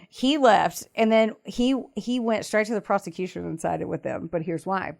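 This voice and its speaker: A woman co-hosting a podcast, casually retelling a true-crime story with lively acted-out quotes and frequent laughter. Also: a little high, normal speed, gravelly. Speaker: podcast co-host.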